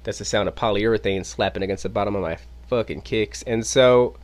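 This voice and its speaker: A man hosting his own podcast, telling a casual story in an animated way and swearing freely. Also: fairly low pitch, brisk. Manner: animated, acts out quoted voices, swears casually. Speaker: podcast host. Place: home podcast studio.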